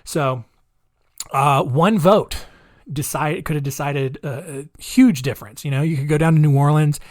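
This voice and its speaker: A man's voice: fairly high pitch, moderate pace, dry recording, clean studio sound. A man hosting a podcast, telling history stories in a chatty, rambling way with sarcastic asides. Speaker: podcast host. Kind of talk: casual comedic monologue.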